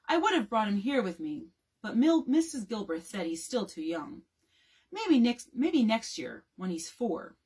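A woman's voice: a little high, sing-song, a little slow, a little mellow, breathy edge, heavily acted. A woman voicing a confident, showy father of a big family in a read-aloud storybook, with a grand, playful delivery. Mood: boastful.

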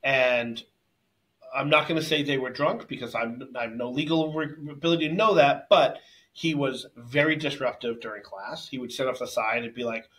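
A man's voice: medium pitch, moderate pace, fairly bright tone, low-quality recording. A man co-hosting a martial arts podcast, agreeing readily and telling anecdotes from his own classes. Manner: agreeable, tells anecdotes from teaching. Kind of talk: casual podcast conversation.

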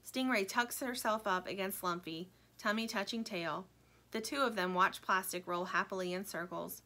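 A woman reading a children's storybook aloud in a gentle storytelling manner. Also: medium pitch, normal speed. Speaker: storybook reader.

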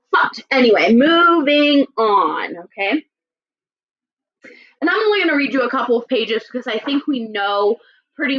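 A woman teacher with a fairly high, very lively voice, reading a story and chatting through a lesson. She often asks her listeners to follow along. The audio sounds a little dull and lo-fi. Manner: animated, checks in with listeners often. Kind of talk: classroom lesson and read-aloud.

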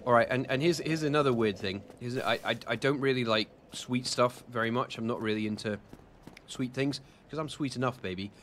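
Brisk and mid-range with a fairly bright tone, a young UK streamer gives casual commentary during a game over slight background noise. He rambles, says um a lot, jokes at his own expense, and responds to chat.

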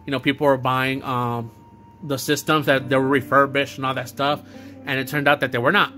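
A man's voice: mid-range voice, little pitch movement, brisk, sharp tone, soft background music. A young man talking off the cuff in a casual vlog, rambling with lots of fillers and restarts. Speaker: YouTuber doing an unboxing video. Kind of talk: unscripted casual vlog talk.

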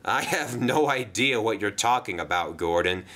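A man's voice: lowish voice, animated, normal speed, sharp tone. A man voicing a proud, dignified express engine with a lilting voice. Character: famous proud male express engine, grand.

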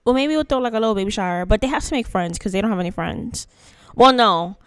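A woman's voice: mid-range voice, expressive, quick pace, clear, resonant tone. A woman giving casual, chatty gameplay commentary to her channel's viewers, playful and slangy in her asides. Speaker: gaming channel host.

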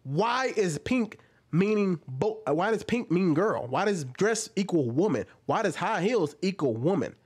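A man's voice: sits high, sing-song, a little slow, husky. A young man giving reaction commentary, arguing with a string of rhetorical questions.

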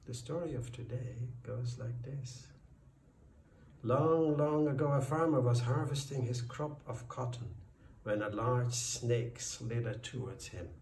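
A man narrating a folk tale in a slow, deliberate storytelling voice. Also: mid-range voice, vocal fry, a little mellow. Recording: roomy, distant, faint background noise.

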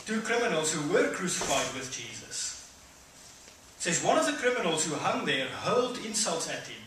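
A middle-aged man preaching a conversational sermon, acting out voices with sudden loud high bursts. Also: big pitch swings, normal speed, far from the mic, a little hiss or hum. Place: church hall. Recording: echoey hall, speaker away from mic.

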